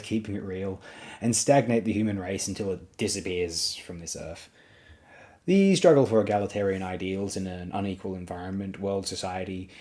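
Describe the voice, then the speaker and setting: A young man with a low, mellow voice talks through a film essay. He stresses his points by repeating words and leaning hard on them. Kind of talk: spoken video essay narration.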